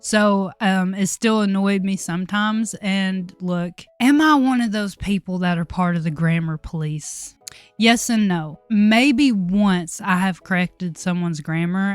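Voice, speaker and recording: A young woman, chatting candidly to camera in a relaxed, talkative vlog and laughing often. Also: medium pitch, no room sound. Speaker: vlogger. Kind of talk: casual chat to camera.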